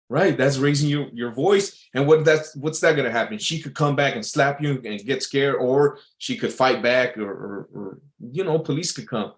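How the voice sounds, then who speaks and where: A man's voice: medium pitch, moderate pace. A man talking in a casual, rambling monologue as an entertainer, full of fillers and restarts.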